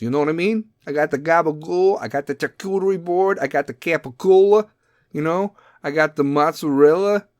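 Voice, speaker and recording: A man hosting a podcast, ranting comedically in a profane, animated way. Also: fairly high pitch, brisk, no echo, clean studio sound. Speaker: podcast host. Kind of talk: comedic rant.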